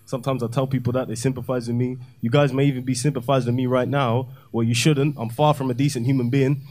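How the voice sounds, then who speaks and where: A young man doing a deadpan, self-mocking, slangy stand-up set in a comedy club. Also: mid-range voice, fast talker. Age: young adult.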